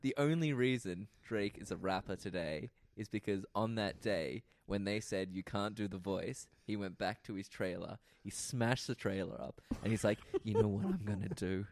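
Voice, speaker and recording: A young man co-hosting a podcast, casually chatting about a TV episode, animated and joking, swearing freely. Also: lowish voice, normal speed, creaky, few pauses. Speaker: podcast co-host. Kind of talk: casual chat recapping a TV episode.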